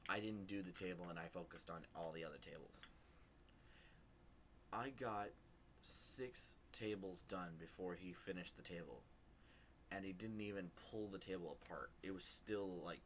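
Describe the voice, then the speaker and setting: Young man, very low voice, casual rambling vlog storytelling, filler-heavy, faint hiss behind. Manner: rambling, animated retelling with many fillers. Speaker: vlogger.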